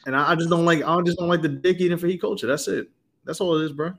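A man's voice: fairly high pitch, fairly even intonation, quick pace. A man co-hosting a podcast, trading defensive banter in casual chat. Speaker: podcast co-host.

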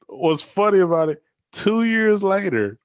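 Young guy, animated storyteller, does the voices, laughs a lot, dry close sound. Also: high voice, measured pace, no echo. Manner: animated storyteller, acts out quotes, laughs often. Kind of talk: casual chat.

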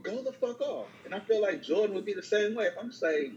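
A man's voice: high-pitched, fast, dull audio, slight background noise. A man chatting casually and profanely, acting out joking exchanges in other voices. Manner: animated, profane, acts out mock dialogue. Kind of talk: casual comedic chat.

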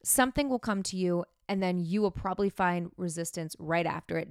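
A woman's voice: lowish voice, fairly quick, smooth, dry recording, clean studio sound. A woman hosting a podcast, talking frankly and chattily about herself in a candid self-help monologue. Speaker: podcast host.

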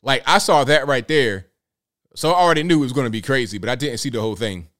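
A man's voice: mid-range voice, fast, fairly bright tone. A man hosting a live show, reacting to clips with slangy jokes and frequent laughter. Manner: joking, slangy, laughs often. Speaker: host.

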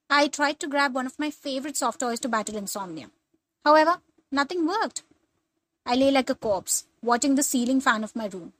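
A woman's voice: on the high side, low-quality recording. A young woman narrating a first-person story in a dramatic, suspenseful scripted style.

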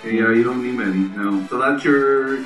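A man's voice: medium pitch, moderate pace, a bit bright, faint music behind. A man co-hosting a casual chat, rambling and chuckling as he talks. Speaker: podcast co-host. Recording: roomy, distant mic.

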